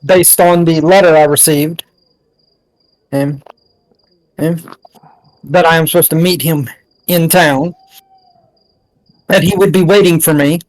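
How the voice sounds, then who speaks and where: A man playing in a live-streamed tabletop game, talking through his character's actions in a plain, deliberate way. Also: on the high side, steady tone, no echo, low-quality recording. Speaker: player. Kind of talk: in-character tabletop play, casual.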